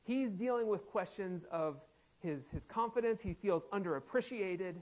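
A man's voice: sits high, normal speed, darkish tone, low-quality recording. A man preaching a sermon as pastor, laughing often and acting out quoted voices playfully. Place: church sanctuary.

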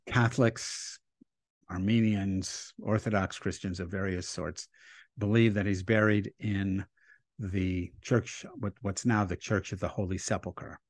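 Deep-voiced rabbi telling a story. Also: male voice, a little slow, no room sound. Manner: animated storyteller who acts out quotes. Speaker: rabbi, interview guest. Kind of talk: storytelling in a conversational interview.

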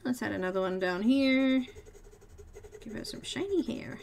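A woman's voice: fairly high pitch, expressive, moderate pace, vocal fry. A woman chatting and giggling through a live coloring tutorial, talking to herself as she works. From Australia. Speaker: art tutorial host.

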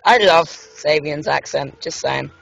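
A man from England, trading excitable, blunt banter in a casual chat over a game stream. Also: a little high, measured pace, vocal fry, dull audio. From southern England. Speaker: stream host.

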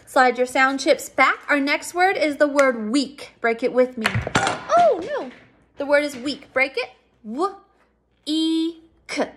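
High, slow-talking woman teacher. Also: very animated, a bit bright, a little hiss or hum. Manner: patient, sounds out words slowly. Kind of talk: recorded phonics lesson for children.

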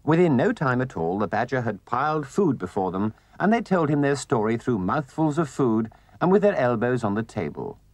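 A man narrating a children's storybook with gentle, expressive delivery. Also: medium pitch, normal speed, hardly any pauses, no echo.

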